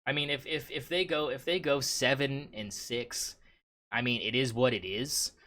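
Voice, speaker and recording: A man's voice: mid-range voice, moderate pace, pushed and bright. A man hosting a casual sports podcast, talking in a rambling way with lots of "I mean" and restarts. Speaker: podcast host.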